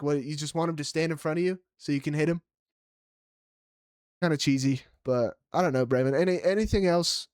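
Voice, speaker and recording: A man co-hosting a casual fight recap podcast, animated, swearing freely and laughing loudly. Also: a little high, clean tone, no room sound, clean studio sound. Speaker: podcast co-host.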